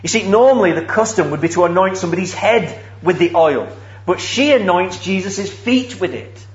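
A man's voice: sits high, animated, normal speed, reverberant, highs cut off. A man preaching a sermon, telling the story earnestly and asking rhetorical questions.

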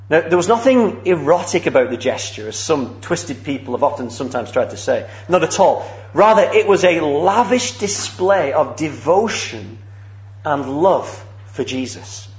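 A man's voice: on the high side, echoey room, lo-fi sound. A man preaching a sermon, telling the story earnestly and asking rhetorical questions.

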